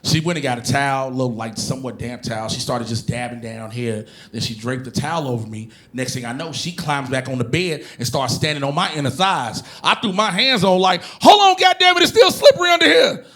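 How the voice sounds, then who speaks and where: A man performing a stand-up comedy routine on stage, telling animated, profane stories and bursting into shouted impressions. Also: medium pitch, brisk, hardly any pauses. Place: comedy stage before a live audience.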